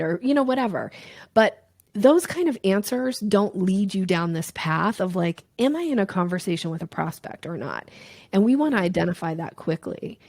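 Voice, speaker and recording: A woman talks through sales steps as a podcast guest, with a mid-range voice and an animated delivery. She often slips into playful little voices to act out examples. The sound is dry and close, with no room echo. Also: medium pitch, normal speed, gravelly. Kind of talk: conversational interview teaching.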